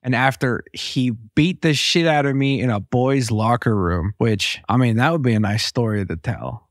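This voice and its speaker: A man from Texas hosting a podcast, telling a story in a blunt, profane, animated way. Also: medium pitch, normal speed, dry recording, studio quality. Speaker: podcast host. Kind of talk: casual storytelling monologue.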